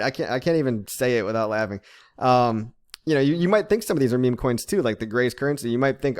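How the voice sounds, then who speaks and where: A man's voice: medium pitch, expressive, a little fast. A man hosting a crypto channel, talking casually to viewers, dropping "okay" and "right" as tag questions and chuckling at his own jokes. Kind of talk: casual explainer monologue.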